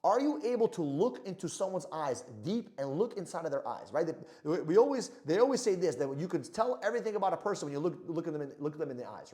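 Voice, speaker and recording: A man giving a motivational sales talk to camera, energetic and gesturing, often checking in with "right?". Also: high-pitched. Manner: energetic, animated delivery with frequent "right?" check-ins; moves hands and body while talking. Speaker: sales trainer.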